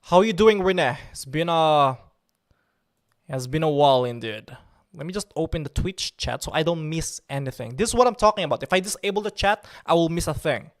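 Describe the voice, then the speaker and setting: Male livestream host, slightly high voice, chatty, reads out chat, gets annoyed then cools down. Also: fairly quick. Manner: irritable, then forces himself calm and joking.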